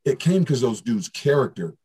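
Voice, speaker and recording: A middle-aged man, a strength coach, telling stories in a lively interview and acting out the quoted dialogue. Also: mid-range voice, moderate pace, husky. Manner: animated storyteller, acts out quoted dialogue. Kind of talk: fast casual interview talk.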